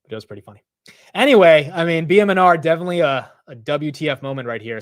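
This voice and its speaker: A man hosting a live stock market stream, talking casually and excitably with loose slang and frequent laughs. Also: a little high, fast talker, no echo, clean studio sound. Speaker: market livestream host.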